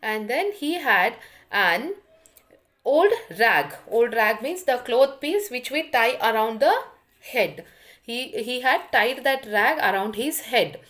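A woman's voice: on the high side, animated, slow, a bit bright. A woman teacher with an Indian accent, giving an online English lesson. She goes through a story line by line, repeating phrases and explaining the meaning of each word.

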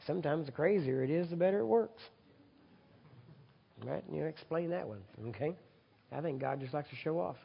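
A gravelly, somewhat high-pitched male preacher delivers a sermon to a congregation in a large hall, loudly and emphatically leading a repeat-after-me prayer. He keeps it conversational, asking the audience to agree with him. The recording is dull, with a long hall reverb.

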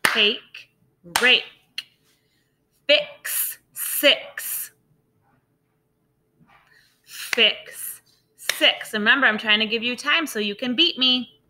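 A woman teacher leading a phonics lesson for young children, sounding out words slowly and praising often. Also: a little high, pushed and bright, slight background noise. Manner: slow, drawn-out sounding out of words; encouraging, praising.

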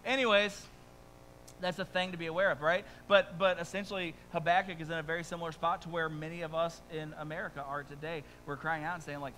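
A man preaching a sermon as pastor, conversational and animated, with quick asides and rising emphasis, speaking to a congregation in a church. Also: on the high side, a little hiss or hum, rough recording. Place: church sanctuary before a congregation.

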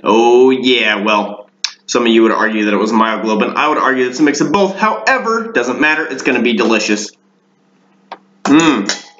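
A man hosting a casual home cooking vlog, rambling and deadpan with dark jokes, talking in his kitchen. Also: medium pitch, a little hiss or hum. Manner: deadpan, darkly joking, rambling. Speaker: home cooking show host. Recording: echoey room, dull lo-fi sound.

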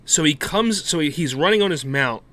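A man co-hosting a podcast, telling gaming stories in an animated way with laughs, acting out quotes. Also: on the high side, moderate pace. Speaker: podcast co-host. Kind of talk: casual storytelling chat.

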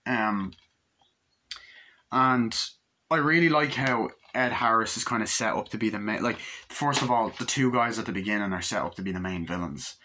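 A man's voice: lowish voice, moderate pace, background noise. A man giving a casual, rambling film review, swearing freely and retelling scenes loosely. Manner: loose, profane, full of fillers and retellings. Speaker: movie reviewer.

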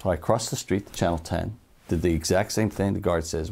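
An older man telling lively anecdotes in an oral-history interview, acting out the people he quotes. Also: sits low, normal speed, vocal fry, long pauses, husky. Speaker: interviewee, former TV newsman.

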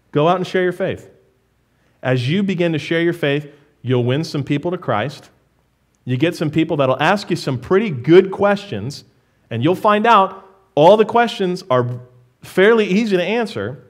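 A man with a notably high voice delivers a sermon from the front of a church. He talks directly to the congregation in an earnest, plain way. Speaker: pastor.

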